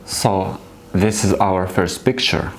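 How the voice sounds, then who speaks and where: A man whose first language is Arabic teaches beginners, speaking slowly and patiently. His voice sits a little low, and he repeats each word encouragingly. A faint hiss of noise runs under the recording. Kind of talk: slow beginner language lesson.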